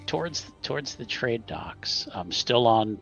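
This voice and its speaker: A man narrating a tabletop game as game master, pausing often with ums and restarts. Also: mid-range voice, very animated, creaky, fairly bright tone, muffled recording, soft background music. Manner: hesitant, many ums and restarts.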